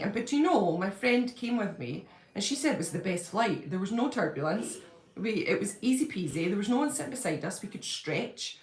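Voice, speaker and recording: A woman hosting a casual live stream from home, chatty and effusive, laughing easily as she talks. Her voice sits at a medium pitch, and the room around her sounds noticeably echoey. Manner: chatty, bubbly, quick to gush and laugh. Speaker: livestreaming fan-channel host. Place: at home, indoors.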